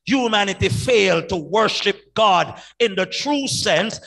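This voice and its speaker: High voiced pastor guy preaching, shouts then goes quiet, big church hall echo. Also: animated, a little slow, vocal fry, hardly any pauses, slightly rough. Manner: emphatic preaching, swings from loud shouted peaks to quiet asides. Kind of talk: evangelistic sermon. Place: large church sanctuary. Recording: long church hall reverb.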